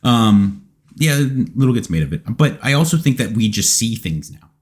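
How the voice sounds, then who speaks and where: Male host, fairly low voice, casual opinionated chat. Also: very animated, normal speed. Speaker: podcast host. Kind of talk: casual conversation.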